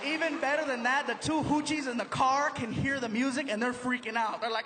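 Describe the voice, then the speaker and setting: High-voiced comedian spinning a story. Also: male voice, over a noisy crowd, heavy background noise. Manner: animated, quick, full of voices and impressions. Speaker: stand-up comedian. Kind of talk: stand-up storytelling. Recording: live hall recording with audience ambience.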